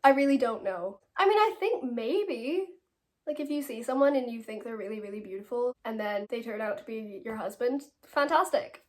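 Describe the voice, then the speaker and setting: Giggly Irish teenage girl, slightly high. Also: lively intonation, normal speed. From Ireland. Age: late teens. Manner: chatty, giggly, self-deprecating. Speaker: actress answering fan questions. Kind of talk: casual Q&A.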